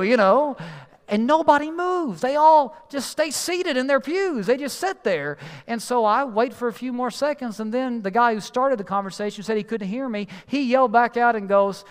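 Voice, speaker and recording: A man doing storytelling stand-up, animated and exasperated as he acts out the people in the story. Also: very high voice, normal speed, clean tone, long reverb tail.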